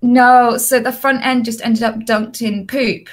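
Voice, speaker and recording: A young adult woman, an interview guest, telling lively personal anecdotes with frequent fillers and restarts. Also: on the high side, a little slow. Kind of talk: casual storytelling.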